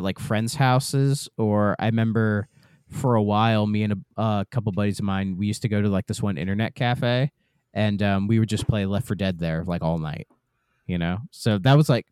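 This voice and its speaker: A man in a casual podcast chat about games, talking in a relaxed, easygoing way with some hesitations. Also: on the low side, clear, resonant tone, no echo, studio quality. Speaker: podcast co-host or guest.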